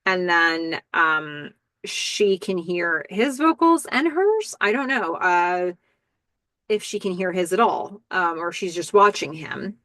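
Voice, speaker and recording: A woman's voice: fairly low pitch, slow, fairly bright tone, no room sound. Chatty woman recapping a show. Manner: chatty, thinks aloud with ums and asides. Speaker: podcast host. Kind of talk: casual episode recap.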